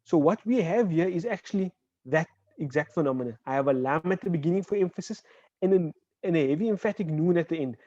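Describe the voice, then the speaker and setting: A man teaching an online Arabic class. He explains patiently, checks in with "right?" and says example words slowly. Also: on the high side, a little mellow, no room sound. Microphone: video call. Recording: dull, dry online call audio.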